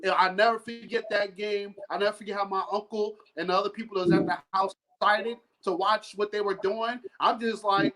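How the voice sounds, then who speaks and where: Bright high-voiced excited man. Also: a little fast, hardly any pauses, low-quality recording. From Yonkers, New York. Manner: excited storyteller, slangy. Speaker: co-host. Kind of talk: casual sports chat.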